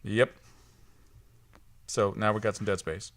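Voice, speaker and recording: A man's voice: fairly low pitch, steady tone, a little slow, fairly bright tone. A man co-hosting a casual podcast, talking in a laid-back, jokey way. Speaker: podcast co-host. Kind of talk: casual chat.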